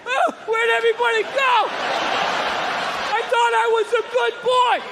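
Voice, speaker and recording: A man's voice: fairly even intonation, takes it slowly, over a noisy crowd. A man on a comedy stage voicing a scared, bewildered old man who blurts things out and then whines in confusion. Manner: shouted, high and whiny. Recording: live audience noise.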